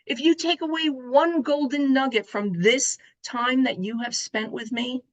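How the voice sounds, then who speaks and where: Expressive woman giving a motivational talk. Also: high-pitched, a little slow, few pauses, dull audio. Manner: expressive, animated storytelling. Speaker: motivational speaker. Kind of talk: summit talk to an online audience.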